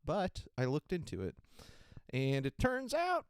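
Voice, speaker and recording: Male podcast host, giggly and profane, smooth voice, dry studio sound. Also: medium pitch, big pitch swings, measured pace, dry recording. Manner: giggly, profane, rambling with frequent laughter. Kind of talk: casual solo podcast chat.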